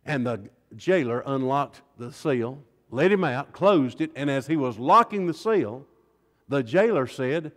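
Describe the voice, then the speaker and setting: A man preaching a revival sermon, swinging dramatically between hushed tones and loud cries. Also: a little high, lively intonation, normal speed. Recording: long reverb in a large hall.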